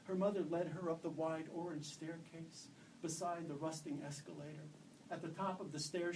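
A man's voice: fairly high pitch, a little mellow, recorded from a distance, a little hiss or hum, poor audio. Man reading his fiction aloud, off-mic. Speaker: author. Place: event room.

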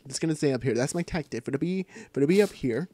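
A man giving excitable, live gameplay commentary, often repeating short calls. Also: fairly high pitch, very fast, no room sound. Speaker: gamer. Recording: noisy home recording.

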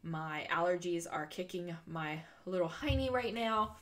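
A woman's voice: fairly low pitch, animated, unhurried, hardly any pauses, fairly bright tone. A woman in her forties, congested and breathing through her mouth, narrating a casual crafting voice-over in a chatty, rambling way with frequent ums. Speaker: scrapbooking video host.

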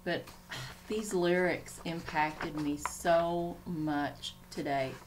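A woman's voice: fairly low pitch, fairly even intonation, extremely slow, a little hiss or hum. A woman chatting casually in a home vlog, rambling and easily sidetracked as she talks. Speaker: Christian vlogger. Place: home room.

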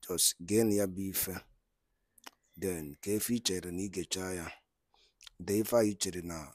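A man hosting a channel, calmly introducing a clip with some hesitation. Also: low-pitched, no echo, studio quality. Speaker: channel host.

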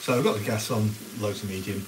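Talking fast in a lowish voice, a man hosts a casual cookalong on a live stream and greets his viewers by name as he cooks. Heavy background noise comes from onions sizzling in the pan.

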